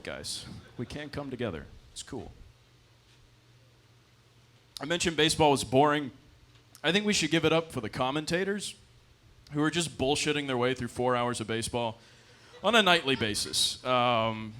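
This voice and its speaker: A man's voice: medium pitch, fairly bright tone. A young man telling a loose, profane stand-up story on a comedy club stage into a handheld mic.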